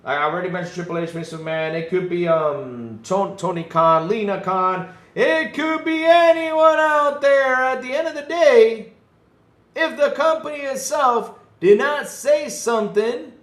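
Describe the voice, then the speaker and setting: Male podcast host, high, animated and profane on a casual livestream, roomy echo. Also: normal speed. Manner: animated, swears freely, acts out quotes.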